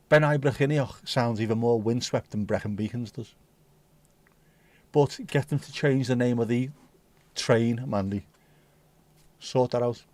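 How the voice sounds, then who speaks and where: There's no echo on this recording of a man hosting a livestream, whose medium-pitched voice has a darkish tone. He swears casually as he reads viewer comments aloud and jokes back at them.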